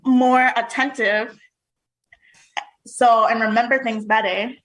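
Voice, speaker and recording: A woman's voice: on the high side, fairly even intonation, slow, a bit bright, low-quality recording. A woman co-hosting a podcast in casual chat, assertive and laying out her views point by point. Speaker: podcast co-host.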